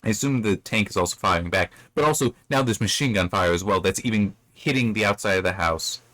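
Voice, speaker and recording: Male host, low voice, dry close recording, casual rambling recap with fillers. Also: fairly quick, fairly bright tone, no room sound. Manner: loose retelling with frequent fillers and self-corrections. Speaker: book review host. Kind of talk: casual chapter recap and commentary.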